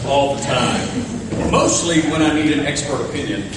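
A middle-aged male pastor preaching a storytelling sermon, animated and self-deprecating, acting out his own self-talk. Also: medium pitch, moderate pace, very noisy. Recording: echoey hall, mic far from speaker.

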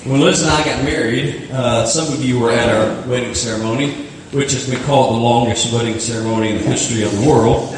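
A middle-aged male pastor preaching a storytelling sermon, animated and self-deprecating, acting out his own self-talk. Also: medium pitch, fast talker, noisy background. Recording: echoey hall, mic far from speaker.

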